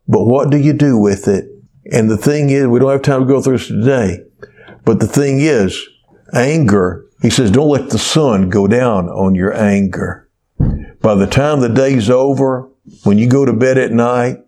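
A man preaching a sermon as pastor, telling stories in a slow, deliberate way and stretching out key words. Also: mid-range voice, warm tone.

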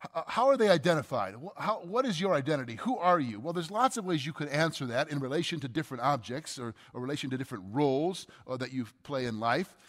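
A man's voice: on the high side, lively intonation, fast, fairly bright tone, in a large hall. A man preaching a teaching sermon, explaining carefully, posing rhetorical questions and stressing key words. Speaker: pastor.

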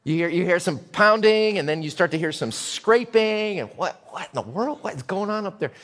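A male pastor delivers a storytelling sermon with dramatic swings from hushed to loud. His voice sits slightly high. A long hall reverb trails every phrase. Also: animated, moderate pace.

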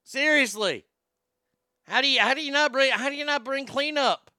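On a comedy podcast, a male host rambles and cracks crude jokes, stammering and repeating words often. His voice is very high-pitched and sharp, delivered at a moderate pace. The studio sound is clean, with no room sound.

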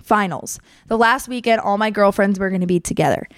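A woman's voice: medium pitch, a little fast, no room sound, clean studio sound. A young woman hosting a podcast, telling a story in a chatty, candid way, acting out quotes and swearing freely. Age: young adult. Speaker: podcast host. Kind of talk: casual storytelling monologue.

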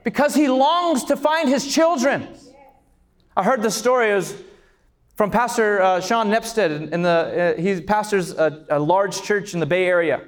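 High-voiced passionate preacher man. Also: measured pace. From California. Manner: passionate, swells to shouts on key lines. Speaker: pastor. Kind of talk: sermon.

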